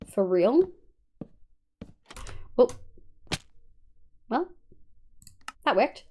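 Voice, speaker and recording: A woman's voice: on the high side, sing-song, takes it slowly, long pauses, warm tone. An Australian woman streaming a game live, talking casually and swearing often as she chats with viewers over a headset.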